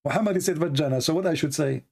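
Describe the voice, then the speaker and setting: Gravelly low-toned guy, broken non-native english, livestream host ranting, lots of "you know", gets heated and high. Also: a little mellow. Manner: emphatic, grows heated and high-pitched when mocking critics; frequent "you know" and repeated words. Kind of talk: casual spoken monologue.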